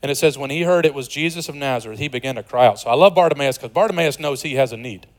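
A man in his forties preaching a sermon, shifting from loud and excited to soft and hushed, with conversational, joking asides. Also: medium pitch, fast talker, rough recording. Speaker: pastor.

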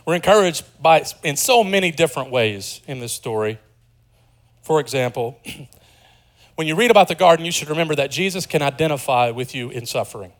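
A man preaching a sermon as pastor, earnest, dropping to a hush and then rising with emphasis. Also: on the high side, lively intonation, moderate pace. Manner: earnest, swings from hushed to emphatic.

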